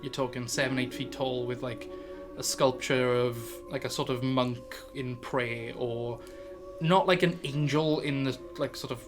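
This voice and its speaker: Game master narrating, chatty and rambling, mid-pitched voice, music under it. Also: fairly even intonation, a little slow, hardly any pauses. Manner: loose and chatty, full of fillers. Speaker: dungeon master.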